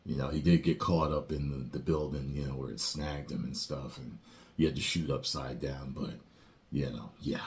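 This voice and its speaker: Deep-voiced man rambling through a reaction. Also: fairly even intonation, normal speed. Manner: rambling, with many fillers and sudden loud rants. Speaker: reaction video host. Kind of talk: casual reaction commentary.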